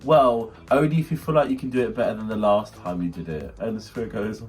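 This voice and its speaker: A man's voice: on the low side, brisk, soft background music. A young man co-hosting a casual chat, telling stories and acting out quotes in funny voices. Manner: animated storytelling, acts out quotes. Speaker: podcast co-host.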